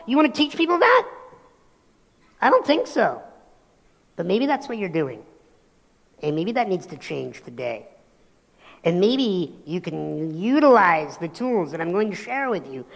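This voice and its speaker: A male motivational speaker giving an animated keynote, telling stories and acting out voices in a large hall. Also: very high voice, creaky. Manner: animated storytelling, acts out voices. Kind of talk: keynote talk on stage. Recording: long hall reverb.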